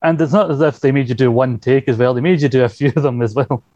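Man, quick rambling talker, muffled lo-fi recording, dry. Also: mid-range voice, darkish tone, dry recording. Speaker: podcast co-host. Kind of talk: casual chat. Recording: slightly dull lo-fi sound.

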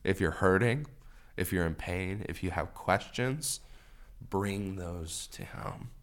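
A man's voice: deep voice, slow. A man co-hosting a faith-based podcast, talking earnestly with repeated encouraging phrases. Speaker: podcast co-host.

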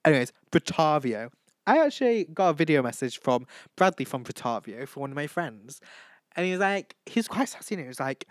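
Chatty teenage lad with a smooth voice. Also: male voice, a little high, very animated, fairly quick, dry recording. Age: teens. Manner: chatty, gushing, camp, breaks into impressions and sung snippets. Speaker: vlog host. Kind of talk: casual chat.

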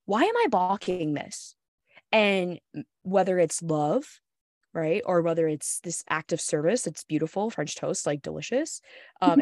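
A woman's voice: lowish voice, a little mellow, no echo. Frank, swearing woman podcast host. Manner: frank, laughing, swears freely. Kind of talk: casual podcast conversation.

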